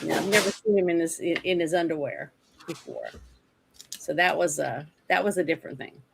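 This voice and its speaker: A woman's voice: sits low, sing-song, brisk, gravelly, slight background noise. A woman co-hosting a casual movie review podcast, retelling scenes in a rambling way with lots of asides. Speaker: podcast co-host.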